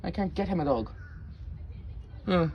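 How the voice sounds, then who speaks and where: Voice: medium pitch, lively intonation, a little slow, creaky, lo-fi sound. A performer voicing an odd, laid-back helper who talks in an offhand, matter-of-fact way in a puppet comedy skit.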